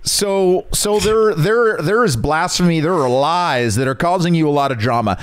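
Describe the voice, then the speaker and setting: A man's voice: on the high side, normal speed, slight background noise. A young man co-hosting a podcast, teasing a guest with pushy, joking hype. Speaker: podcast co-host. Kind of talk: crude comedic podcast banter.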